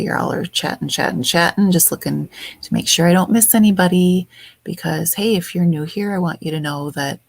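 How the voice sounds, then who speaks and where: Lady chatting on her stream, soft n sweet, kinda husky, slow. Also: deep voice. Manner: soft-spoken, affectionate, rambling. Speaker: livestream host. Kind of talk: casual chat greeting viewers. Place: home.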